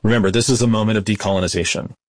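Deep-voiced man explaining history. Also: steady tone, dry recording. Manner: measured, explanatory, with frequent restarts. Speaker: guest historian. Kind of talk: interview answers.

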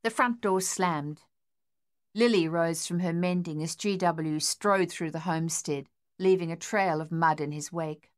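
Reading a scripted audiobook, a lowish-voiced woman narrates with a measured, even manner.

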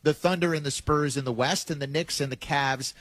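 Animated sports radio host, man. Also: a little high, a little fast, no room sound. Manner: animated, self-mocking banter. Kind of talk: casual sports talk.

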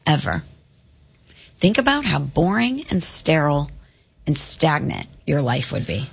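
Husky woman arguing on sports radio. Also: low voice, huge pitch swings, unhurried. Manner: argumentative, dryly skeptical. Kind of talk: casual studio banter. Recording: dull lo-fi radio broadcast.

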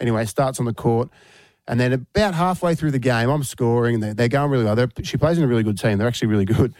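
A man's voice: mid-range voice, quick pace, no echo. A male radio host with an Australian accent, telling a story in casual chat and acting out the voices in it. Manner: animated, acts out quoted voices. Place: radio studio.

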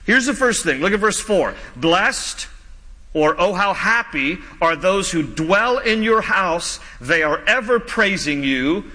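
A male pastor preaching a sermon, slow and emphatic, dropping low and soft on key lines. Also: animated, in a large hall, low-quality recording.

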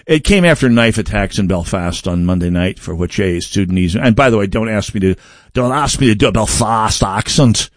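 A man's voice: lowish voice, lively intonation, fairly quick, no echo, clean studio sound. A man hosting a broadcast, delivering a political commentary monologue with emphatic delivery, wry asides and frequent restarts. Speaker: broadcast host.

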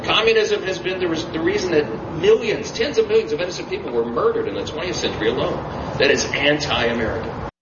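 A man's voice: a little high, expressive, fairly quick. A man giving an emphatic campaign stump speech at an event, often restarting and repeating phrases. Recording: echoey, distant, muffled, with background noise.

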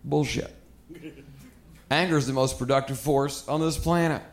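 A man's voice: medium pitch, steady tone, moderate pace. A male stand-up comedian on a club stage, ranting in a profane, riled-up way. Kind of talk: stand-up set. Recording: echoey club with crowd laughter.

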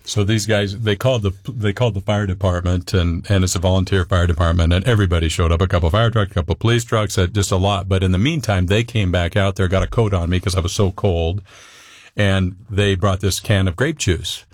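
A man's voice: low voice, fairly even intonation, brisk, dry recording. A man telling his own story in an interview, easygoing and conversational with wry humor. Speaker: interview guest. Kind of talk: casual personal storytelling.

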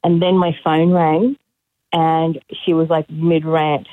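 A woman's voice: sits low, little pitch movement, slow pace, no room sound. A woman calling in to a radio show, telling a story in a chatty way and quoting people as she goes. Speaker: caller. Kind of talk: casual phone-in anecdote. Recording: tinny phone line.

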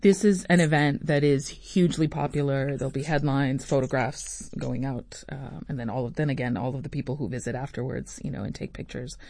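Interviewer, news style, gravelly voice, probing questions with small restarts. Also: medium pitch, steady tone, a little fast, hardly any pauses, a little mellow, no echo, studio quality.

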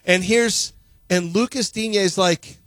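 A man's voice: high-pitched, slow pace, no room sound. An American man co-hosting a sports show, bantering casually and acting out quoted reactions. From United States. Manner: animated, acts out quoted reactions. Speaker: radio sports show host.

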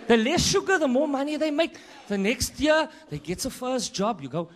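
A man with a South African accent doing a stand-up comedy routine, energetic and punching his lines up with loud bursts. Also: very high voice, normal speed, background noise.

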